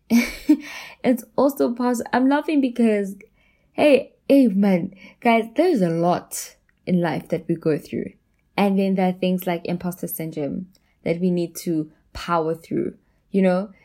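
A woman's voice: mid-range voice, gravelly, warm tone. A woman hosting a solo self-help podcast, talking casually and encouragingly, repeating phrases for emphasis and laughing often. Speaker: podcast host.

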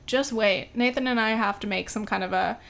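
A woman's voice: fairly high pitch, brisk, vocal fry, fairly bright tone. An American woman chatting casually on camera about films she has seen, talking loosely with lots of "um" and "like" and getting heated now and then. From United States. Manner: chatty, full of "um" and "like", gets heated. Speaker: vlogger reviewing films. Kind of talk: casual chat.

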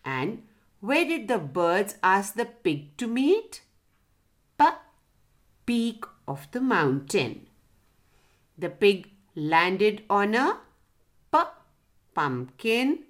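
A woman's voice: medium pitch, big pitch swings, very slow, long pauses. A woman voicing a friendly, teacher-like talking letter P that quizzes children on words in a storybook lesson.

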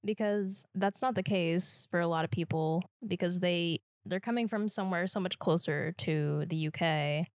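A woman's voice: fairly low pitch, normal speed, few pauses, darkish tone, no room sound, studio quality. A woman co-hosting a casual podcast chat, talking in a thoughtful, questioning way with frequent fillers. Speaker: podcast co-host.

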